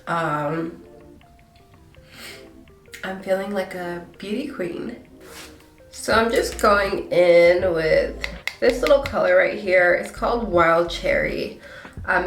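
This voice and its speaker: A woman's voice: on the low side, vocal fry, reverberant, distant mic. A congested young woman with a stuffy nose, chatting and apologizing her way through a casual get-ready-with-me vlog at home. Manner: chatty, self-deprecating, apologetic. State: breathing hard. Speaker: beauty vlogger.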